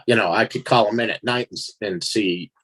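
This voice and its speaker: A man telling a strange personal story in a casual interview, animated and laughing as he acts out his own reactions. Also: on the low side, a little fast. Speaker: guest storyteller.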